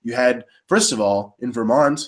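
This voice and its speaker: A man co-hosting live election coverage in casual panel talk, rambling with many restarts and getting excited about voting systems. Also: mid-range voice, moderate pace.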